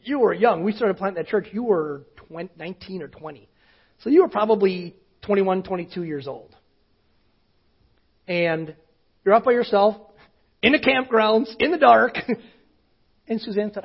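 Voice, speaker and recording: Husky preacher guy, kinda high voice, chatty story sermon, muffled lo-fi recording. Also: expressive, moderate pace, pauses often. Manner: conversational, often dropping to a hushed voice. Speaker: pastor. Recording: dull lo-fi sound.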